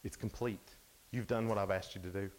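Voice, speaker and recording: A man voicing God, speaking calmly and reassuringly to a prophet in a sermon retelling. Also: fairly low pitch, a little fast, voice pushed down, close to an everyday voice.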